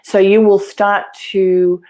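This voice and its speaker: A woman giving a live tarot reading, offering calm, earnest spiritual guidance. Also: medium pitch, slow. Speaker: tarot reader.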